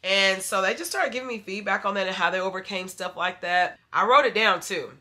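A woman's voice: mid-range voice, a little fast, bright, forceful tone. A young adult woman chatting casually to her viewers about faith and her plans, calling them "y'all" and sounding a little stuffy from allergies. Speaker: vlogger. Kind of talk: casual faith vlog chat.

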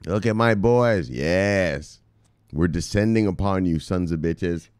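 A middle-aged man talking excitedly as a crypto news vlogger, cursing and shouting shout-outs to viewers. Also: sits low, slow pace, clean tone, no room sound, studio quality. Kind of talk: casual hyped-up commentary.

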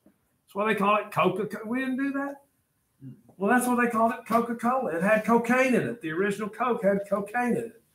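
An older man teaches a class with a slightly high voice. He rambles through jokey stories and asides to his students as he lectures. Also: a little fast, fairly bright tone. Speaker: history teacher.

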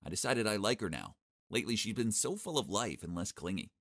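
A man's voice: lowish voice, sing-song, brisk, no room sound, studio quality. A man doing a smug two-faced teen bully. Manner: smug, offhand. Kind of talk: animated story voice acting.

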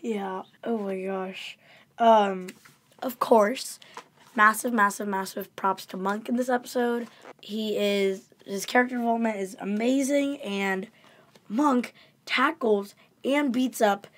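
A woman's voice: medium pitch, steady tone. Eager woman podcast co-host. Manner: eager, chimes in with quick agreement and gushing praise. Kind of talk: casual recap chat.

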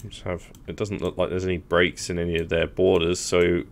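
Deep-voiced man musing over game moves. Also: flat delivery, fairly quick. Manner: thinking aloud while planning moves. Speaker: gaming channel host. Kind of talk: casual gameplay commentary.

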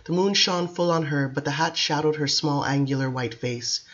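A woman narrating a novel as an audiobook, in a measured, expressive reading. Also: deep voice, muffled recording. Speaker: audiobook reader.

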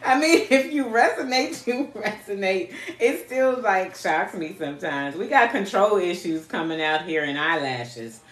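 A woman's voice: medium pitch, lively intonation, unhurried, hardly any pauses, a bit bright, echoey room. A woman giving a casual live card reading, talking bluntly with profanity, laughing often and chatting with viewers. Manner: chats with viewers. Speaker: spiritual card reader.

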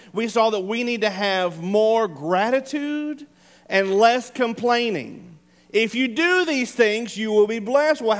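Pastor guy preaching, acts out the voices, goes quiet for emphasis, hall echo. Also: sits high. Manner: dramatic retelling with acted-out voices, dropping soft for emphasis. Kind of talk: sermon. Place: church sanctuary. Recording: long hall reverb.

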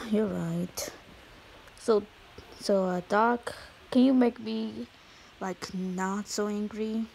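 Woman doing moody male echidna, mumbles and sighs, homemade toy skit, slow delivery. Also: medium pitch, fairly even intonation, creaky, darkish tone, slight background noise, poor audio. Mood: sulky. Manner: sulky, mumbling, sighing. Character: Knuckles, moody male echidna with anger issues.

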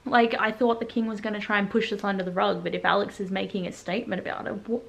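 A young woman chatting in a casual reaction vlog at home, full of "like" fillers and excited asides. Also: mid-range voice, fast, creaky. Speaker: book vlogger. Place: at home in pajamas.

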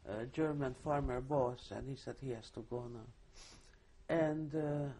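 An older woman recalling her past in an oral history interview, telling it vividly with halting restarts. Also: rumbling low, warm tone, breathy edge. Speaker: Holocaust survivor giving testimony.

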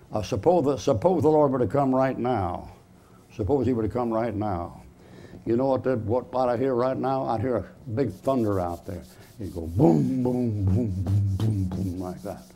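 A man's voice: mid-range voice, warm tone. A man preaching a chalk-talk sermon in a church, folksy and emphatic, putting questions to the audience and answering them himself.

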